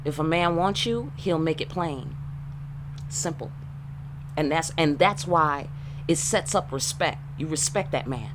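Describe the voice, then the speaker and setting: A woman with a fairly low voice talks straight and profane, jabbing in "you dig?" asides as she reads the cards. She sounds casual and streetwise, recorded on a simple home mic. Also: lively intonation, unhurried, noisy background. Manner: blunt, profane, streetwise, full of rhetorical asides. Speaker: tarot reader. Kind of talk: casual channeled reading.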